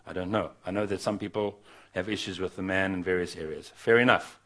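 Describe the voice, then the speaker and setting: A man's voice: low-pitched, fairly even intonation, a little fast, fairly bright tone. A man preaching earnestly to an evening gathering as a visiting speaker, urging his listeners and often restarting his sentences. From not from Australia.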